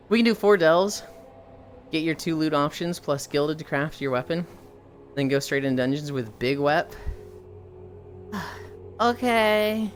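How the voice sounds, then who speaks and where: A woman's voice: sits low, a bit bright, a little hiss or hum. A woman livestreamer who chats casually with her viewers, swears freely, and laughs often. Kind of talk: casual stream chat.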